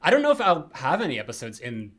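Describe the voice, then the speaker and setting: A man hosting a podcast in casual chat, relaxed and hedging, often repeating words. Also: a little high, quick pace. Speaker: podcast host.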